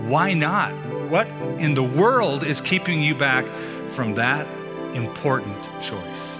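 A male pastor with a slightly high voice preaches a sermon earnestly, asking his listeners rhetorical questions. He speaks animatedly at a slow pace over loud music, with long hall reverb on the recording.

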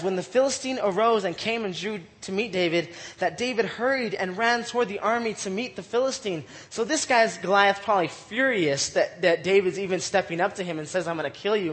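A man teaching scripture in a relaxed, chatty way, reading verses and retelling them in everyday slang with frequent laughter. His voice sits notably high for a man. A long hall echo hangs behind every phrase. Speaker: Bible study teacher. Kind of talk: casual Bible teaching.

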